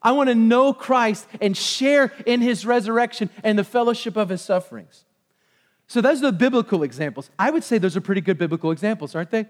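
A man preaching a casual, animated sermon to his church, acting out quotes as he goes. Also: extremely high pitch, normal speed, in a large hall. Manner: conversational, animated, acts out quotes. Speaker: pastor.

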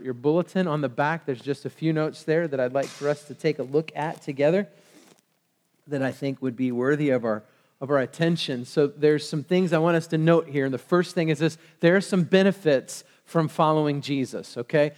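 A man's voice: on the high side, normal speed, darkish tone. Preaching man in an echoing hall. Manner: call-and-response preaching, quizzing the congregation. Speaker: pastor. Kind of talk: sermon. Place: church sanctuary. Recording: long reverb of a large hall.

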